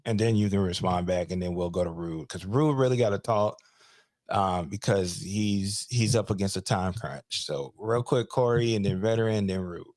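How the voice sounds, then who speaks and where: A man's voice: low-pitched, moderate pace, a little mellow, no echo, clean studio sound. Laid-back joking male moderator. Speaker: debate moderator. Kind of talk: moderating online debate. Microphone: online call.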